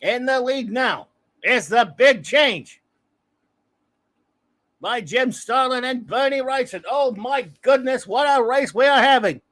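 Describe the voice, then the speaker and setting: A man's voice: very high voice, animated, slow pace, a bit bright, pitched above the performer's own voice, exaggerated voice. A man doing a breathless old-school sports announcer. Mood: thrilled. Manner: breathless, exclamatory play-by-play. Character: excitable male sports announcer calling a race.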